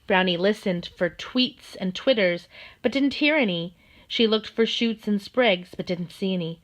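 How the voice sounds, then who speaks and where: A woman narrating a children's storybook in a gentle, steady manner. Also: medium pitch, measured pace. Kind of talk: storybook read-aloud.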